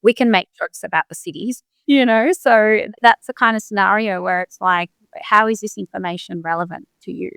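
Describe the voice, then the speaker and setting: A woman's voice: mid-range voice, normal speed, creaky, few pauses, a bit bright, clean tone, no room sound, clean studio sound. A middle-aged woman, a doctor, speaking reflectively in an interview in short, restarting phrases. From Australia. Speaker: guest, doctor. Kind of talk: interview conversation.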